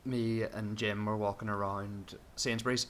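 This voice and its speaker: A man's voice: on the low side, flat delivery, measured pace, slight background noise. A man co-hosting a podcast in casual chat, laughing often and repeating phrases playfully. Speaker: podcast co-host.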